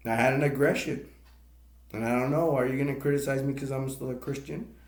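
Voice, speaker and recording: A man's voice: medium pitch, steady tone, a little fast. A man rambling emotionally through tears in a live stream monologue, repeating himself as he talks. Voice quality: gravelly. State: crying. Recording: echoey room.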